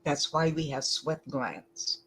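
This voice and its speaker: A woman giving lecture-style commentary, deliberate and emphatic, often pausing to ask rhetorical questions. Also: sits low, expressive, fairly bright tone, slight background noise, poor audio.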